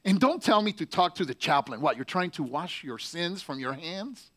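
A man reading aloud the letters of a Marine stationed overseas, slow and heavy with pauses. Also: fairly high pitch, animated, a bit bright. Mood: bitter, furious. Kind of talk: letter read aloud in character.

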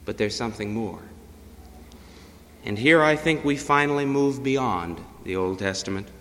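A man preaching a sermon, swinging between loud declarations and hushed, low-pitched passages. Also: a little slow, long reverb tail, a little hiss or hum.

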